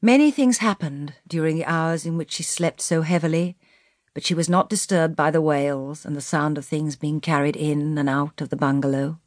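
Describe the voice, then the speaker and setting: A woman narrating a classic children's novel as an audiobook, expressive and slowing for emphasis. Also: low-pitched, no room sound, clean studio sound. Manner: expressive storytelling, slows for emphasis.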